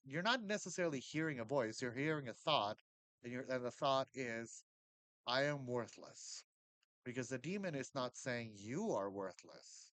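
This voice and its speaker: A man talks to his camera in a loose, rambling vlog, circling back and restarting his thoughts. His voice sits at a middle pitch and jumps between loud bursts and near-whispers. The sound is dry and close, with no room around it. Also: dry recording, poor audio. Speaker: vlogger. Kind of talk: casual spiritual talk to camera.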